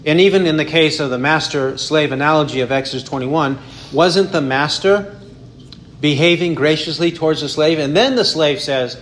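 A man teaching a Bible study, explaining in a measured way with frequent restarts and self-corrections. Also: on the high side, a bit bright, slight background noise.

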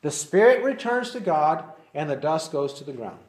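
A man teaching verse by verse through a Bible passage, reading verses slowly and deliberately. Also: a little high, sing-song. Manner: deliberate, slows to read verses aloud. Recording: roomy echoey recording.

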